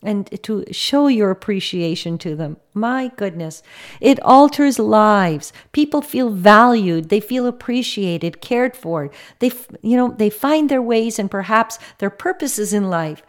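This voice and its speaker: A middle-aged woman giving a faith reflection talk to her brothers and sisters in an earnest, gently encouraging way. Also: medium pitch, animated, unhurried.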